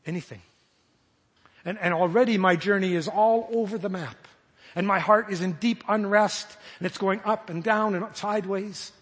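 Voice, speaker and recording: High, husky preacher in a reverberant hall. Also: male voice. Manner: earnest, halting restarts, voicing imagined inner prayers. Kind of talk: sermon.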